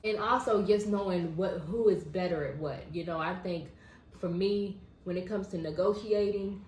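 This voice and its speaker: A woman's voice: fairly low pitch, moderate pace, darkish tone, echoey room, slight background noise, rough recording. A woman co-hosting a casual chat, talking in a chatty way and laughing often. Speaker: co-host.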